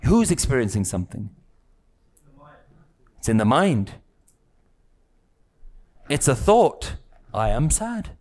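A male spiritual teacher speaks to a live group in an unhurried, deliberate way. His voice sits in a middle range, and he builds his points through repeated phrases and questions put to his listeners. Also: medium pitch, sing-song, a little mellow. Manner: slow, questioning, repetitive phrasing; rhetorical questions to the audience.

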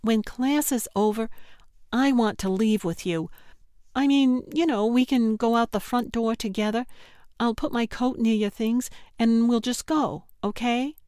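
A woman voicing an anxious young female art instructor with a hurried, pleading manner, in an audiobook. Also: a little high, a little mellow, no echo, clean studio sound, lightly acted.

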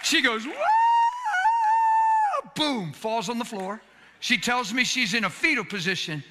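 A man preaching a sermon as a pastor, in folksy everyday grammar, swinging from loud shouts to hushed near-whispers. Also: high-pitched, lively intonation, moderate pace, soft background music. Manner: plain colloquial grammar. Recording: echoey hall.

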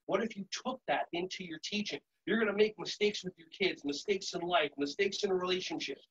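Upbeat man leading a yoga warm-up. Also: high voice, slightly rough, lo-fi sound. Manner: upbeat, coaching, playful cues. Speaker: yoga instructor for teachers. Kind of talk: live virtual workshop instruction. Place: home setting.

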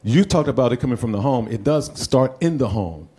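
Middle-aged man, mellow tone, earnest panel appeal. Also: medium pitch, expressive, a little fast, slightly rough. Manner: earnest, urging the community to act. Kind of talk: panel talk.

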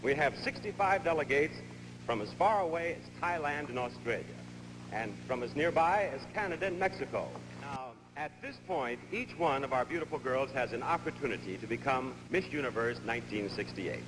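Lively formal male pageant announcer. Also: medium pitch, normal speed, long reverb tail, noisy background. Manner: smooth, formal presenter delivery. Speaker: pageant host. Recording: archival TV broadcast with loud music.

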